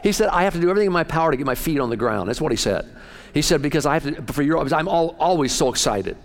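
A middle-aged man preaching a sermon as pastor, folksy and excitable, often jumping up in pitch and loudness. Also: quick pace, big-room sound, slight background noise.

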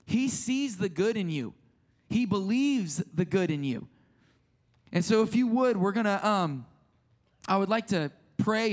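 Guy pastor w a high voice, chatty sermon, keeps restarting his sentences. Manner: conversational, self-deprecating storytelling with many restarts; drops to a soft hushed voice in prayer.

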